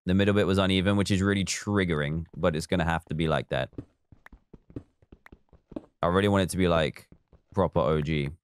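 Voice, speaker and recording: A man's voice: low-pitched, a little fast, pauses often, clean tone, no room sound. A man live streaming a building game, chatting casually, reading viewer comments aloud and counting blocks as he works.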